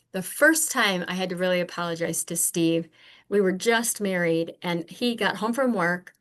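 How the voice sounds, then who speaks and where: Older woman telling earnest stories. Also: medium pitch. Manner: earnest, animated, acts out remembered exchanges. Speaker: podcast guest. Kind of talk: candid conversational storytelling.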